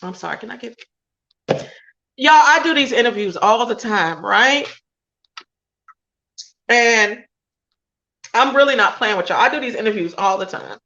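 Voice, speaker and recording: A woman's voice: on the high side, expressive, unhurried, pauses often, bright, forceful tone, lo-fi sound. A woman hosting a radio show interview over a video call, talking casually with slang and emphasis. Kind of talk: emotional interview chat.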